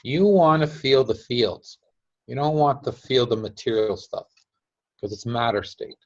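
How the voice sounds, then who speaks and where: A man's voice: mid-range voice, measured pace, darkish tone. A man teaching casually, chatty, laughing often and acting out quotes. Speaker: teacher of a device-building group. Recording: dull lo-fi sound.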